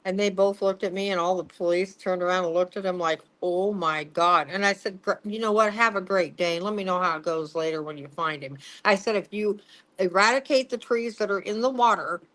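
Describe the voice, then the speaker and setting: A woman's voice: medium pitch, fairly quick, fairly bright tone, poor audio. A middle-aged woman, a psychic medium, telling a story in an interview, laughing, swearing and acting out what people said.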